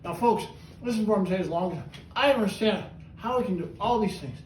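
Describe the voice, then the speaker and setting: A man hosting a trained parrot show, chatty and animated as he coaxes his bird through its tricks. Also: sits high, fairly quick, a little hiss or hum. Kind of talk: showman's patter with a pet bird. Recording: echoey room, voice from far off, faint ambience.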